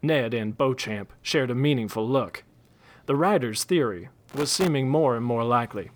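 A man reading a western story aloud in a relaxed storytelling manner. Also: mid-range voice, moderate pace.

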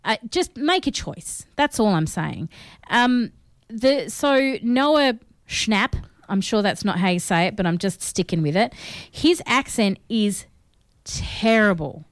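Here a film review podcast co-host from Australia talks slowly and expressively at a medium pitch. Her casual, opinionated chatter is loaded with fillers, captured in studio quality without echo.

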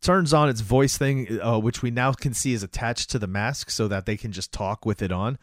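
Man, casual co-host, animated retelling, acts out quotes, dry sound. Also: mid-range voice, moderate pace, no echo. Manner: animated retelling, acts out lines, many fillers. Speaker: podcast co-host recapping a movie. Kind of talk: casual chat.

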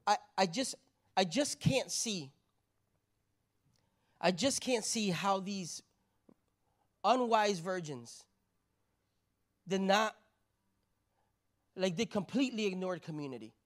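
A woman's voice: medium pitch, expressive, takes it slowly, pauses often. Brief: woman preacher, chatty sermon delivery, stacks rhetorical questions, tags lines with "right?". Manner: conversational, keeps asking "right?".

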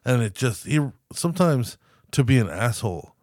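A man's voice: mid-range voice, sing-song, moderate pace, a little mellow, dry recording, studio quality. A man co-hosting a podcast, telling crude stories in casual chat and acting out quotes with laughs. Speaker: podcast co-host.

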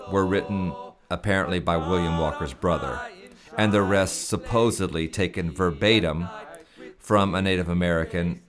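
A man giving reflective spoken commentary on old hymns, reading slowly and carefully in a measured way. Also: sits low. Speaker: hymn presenter.

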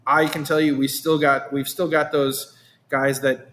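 A man's voice: on the high side, flat delivery, measured pace, fairly bright tone. Man rambling with many restarts. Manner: rambling, repeats words and restarts often. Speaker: meadery owner. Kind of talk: casual interview chat.

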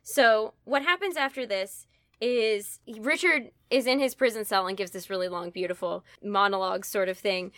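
A woman in casual conversation, retelling a story in an animated way with playful asides. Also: mid-range voice, moderate pace, no room sound, studio quality. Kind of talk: casual literary discussion.

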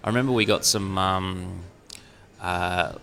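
A man's voice: sits low, fairly even intonation, unhurried, vocal fry, a bit bright. A man in his thirties with an Australian accent, chatting casually and rambling with lots of fillers. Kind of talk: casual chat.

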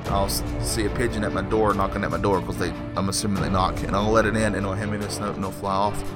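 A man with a fairly low voice talks through a movie review on his own podcast. He rambles, jokes and fills the gaps with plenty of "uh"s. Music plays clearly behind him. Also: level tone, fast talker. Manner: rambling and jokey, many fillers. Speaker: podcast host.

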